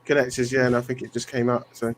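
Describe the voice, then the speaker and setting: A man's voice: medium pitch, monotone, fast. A man co-hosting a fan football live stream, getting wound up over sloppy play. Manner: gets wound up about missed chances. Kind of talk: casual football chat.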